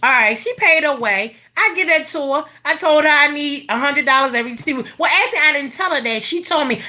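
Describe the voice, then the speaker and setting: A middle-aged woman telling a personal story in a blunt, profane, animated casual rant. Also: sits high, a little fast, hardly any pauses.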